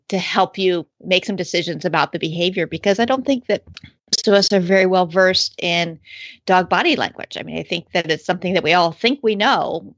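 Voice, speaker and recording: Woman, lower voice, thoughtful casual chat, dry close sound, slightly lo-fi. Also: fairly bright tone, no echo.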